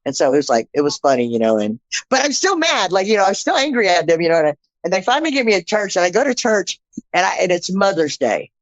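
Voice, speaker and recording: Low-voiced woman telling her story bluntly. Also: fast talker, no echo. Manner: blunt, animated storytelling with frequent restarts and quoted dialogue. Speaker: podcast guest. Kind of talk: personal testimony storytelling. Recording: slightly dull, dry audio.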